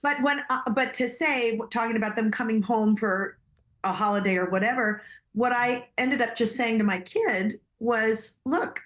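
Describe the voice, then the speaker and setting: A woman in her fifties with a slightly higher voice, chatting casually. She reassures the others and asks questions while sharing parenting stories. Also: moderate pace, a bit bright. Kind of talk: casual chat.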